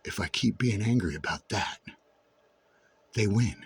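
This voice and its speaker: Man, husky voice, lowish pitch, intense swearing monologue, brooding to shouting. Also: lively intonation, unhurried, no echo. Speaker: vlogger. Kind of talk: raw personal monologue.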